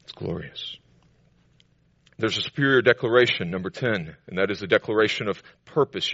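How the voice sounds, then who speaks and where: A man preaching a sermon to a congregation, building to loud, emphatic declarations between calmer teaching passages. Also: lowish voice, normal speed, vocal fry, no room sound, muffled recording. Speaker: pastor.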